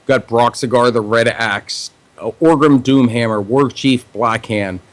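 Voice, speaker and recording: A man co-hosting a podcast, reading game lore in a low, measured voice with casual asides. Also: no room sound. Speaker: podcast co-host.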